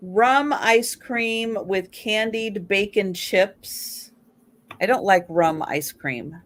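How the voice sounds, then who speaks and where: Woman host, slow and easygoing, chatty live-stream reading. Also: mid-range voice. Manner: reads items aloud with chatty asides. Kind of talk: casual live-stream chat.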